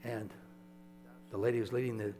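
A man's voice: mid-range voice, flat delivery, moderate pace, warm tone. Preaching man in an echoey hall. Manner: conversational storytelling, checks in with listeners. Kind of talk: sermon. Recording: echoey hall with mains hum.

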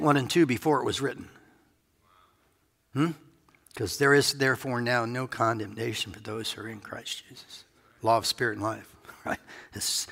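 A man's voice: medium pitch, creaky, pushed and bright. A male pastor giving a conversational sermon, musing aloud with playful asides. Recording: reverberant hall.

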